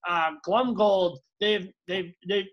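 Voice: mid-range voice, fairly even intonation, takes it slowly, muffled recording, natural voice. A podcaster doing a voice of a pompous Afrikaner man who halts and drags out his complaint. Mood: indignant.

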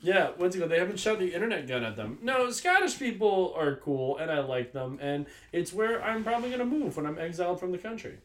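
Guy cohosting a podcast, high lively voice, rambles and swears a lot, echoey room. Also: a little fast, few pauses. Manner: rambling, profane, laughs often. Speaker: podcast co-host. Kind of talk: casual chat.

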